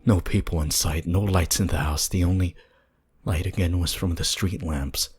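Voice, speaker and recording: Deep, husky male storyteller for horror narration, hushed and deliberate. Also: steady tone.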